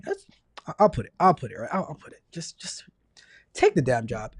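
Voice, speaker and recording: Guy hosting a live tech career q&a, pitch jumping all over, keeps repeating himself in mock outrage. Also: fast talker, no echo, clean studio sound. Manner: animated and exasperated, repeating himself for emphasis; jokey, swings between mock outrage and apology. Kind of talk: live call-in advice show, reading viewer questions.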